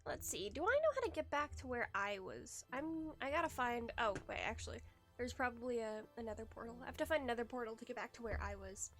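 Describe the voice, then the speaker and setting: A woman's voice: on the high side, expressive, fast. A woman streamer chatting casually while she plays, rambling and restarting her sentences with little giggles. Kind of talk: casual live-stream chat while gaming. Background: faint background music.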